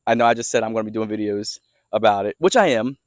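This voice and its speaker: A young car vlogger tells a laid-back, rambling story-time tale, filming himself as he strolls around his yard outdoors. His voice is on the low side and fast, with no room sound.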